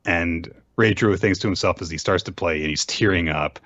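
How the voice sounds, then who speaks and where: A man's voice: low-pitched, fairly quick, hardly any pauses, fairly bright tone, no echo. A young adult man co-hosting a casual comic podcast, retelling a story wryly and swearing freely. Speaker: podcast co-host. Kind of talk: casual comic recap chat.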